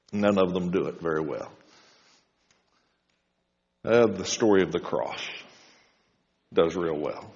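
In a darkish-toned voice, a male preacher tells his sermon like a folksy story, pitching up high for quoted lines. Each phrase fades into long reverb on a dull, lo-fi recording.

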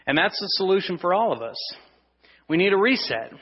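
A male pastor preaching a sermon to his congregation, swinging between loud emphasis and hushed, drawn-out lines. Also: sits high, very animated, husky, in a large hall, highs cut off. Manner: asks the congregation for responses. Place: church sanctuary.

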